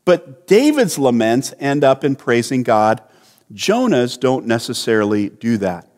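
A man preaching a sermon as pastor, earnest and unhurried, often restarting his phrases. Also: mid-range voice, very animated, darkish tone, long reverb tail.

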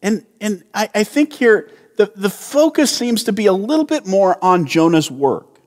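A man preaching a sermon as pastor, earnest and unhurried, often restarting his phrases. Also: high-pitched, sing-song, darkish tone, long reverb tail.

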